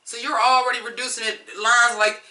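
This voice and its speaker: A woman's voice: on the high side, little pitch movement, normal speed, pushed and bright, echoey room. A woman reviewing songs in a blunt, profane, fired-up rant. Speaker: music reviewer. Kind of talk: ranting song review.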